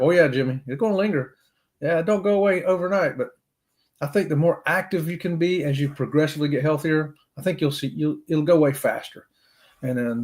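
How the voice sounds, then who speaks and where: A man's voice: fairly high pitch, darkish tone. Folksy upbeat man hosting a livestream. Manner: folksy and upbeat, says "y'all" often. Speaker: livestream host. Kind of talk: casual live chat reading comments.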